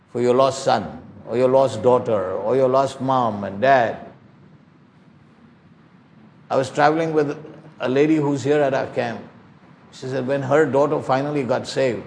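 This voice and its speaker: A man's voice: mid-range voice, creaky, slight background noise. An older man preaching a sermon, pleading and emphatic, telling stories to his listeners.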